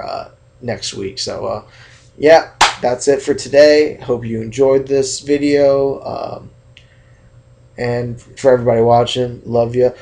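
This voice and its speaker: A young man from California rants to his camera in a casual vlog. He is chatty and animated and keeps mimicking the reactions of people around him. His voice has a gravelly, creaky texture. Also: mid-range voice. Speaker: sneaker vlogger.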